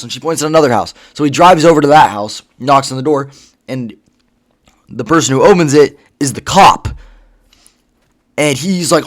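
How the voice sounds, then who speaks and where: A man's voice: a little high, lively intonation, normal speed. A man casually retelling a story, rambling with lots of fillers and swearing. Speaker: vlogger.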